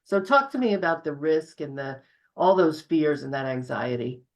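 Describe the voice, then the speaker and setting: A woman's voice: low voice, animated, normal speed. A woman speaking candidly in casual conversation as a client, acting out quoted asides with animation. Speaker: guest client. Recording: slightly dull, muffled sound.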